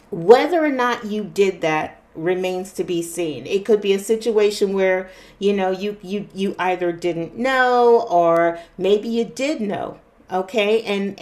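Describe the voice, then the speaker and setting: A woman giving a casual tarot card reading to a viewer, often checking in with "okay?". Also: medium pitch. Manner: unhurried, checks in with frequent "okay?". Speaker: tarot reader.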